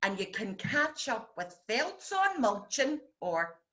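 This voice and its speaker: A woman's voice: a little high, big pitch swings, slow, sharp tone, muffled recording, full character voice. A woman playing a brash Scottish TV critic who tells bawdy, boastful tall tales in a comic monologue over a video call. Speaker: TV critic character.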